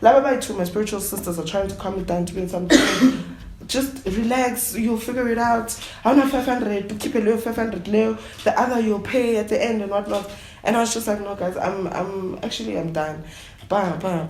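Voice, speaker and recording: A woman traditional healer from South Africa, telling her story at a roundtable in an animated way, often acting out what others said. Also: mid-range voice, a little fast. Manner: code-switching, animated retelling with quoted voices. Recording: echoey room with faint noise.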